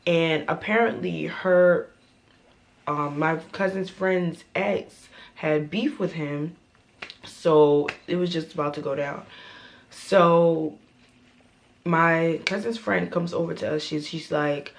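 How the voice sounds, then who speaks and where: A young woman vlogger telling a storytime tale in a dramatic, profane, animated way. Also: on the low side, slow. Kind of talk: storytime vlog.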